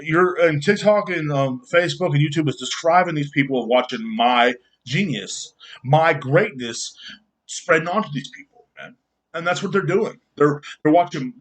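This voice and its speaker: Male podcast host, profane rant, indignant, fairly high voice. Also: moderate pace, fairly bright tone. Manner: indignant, repetitive, swears a lot. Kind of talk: profane ranting monologue.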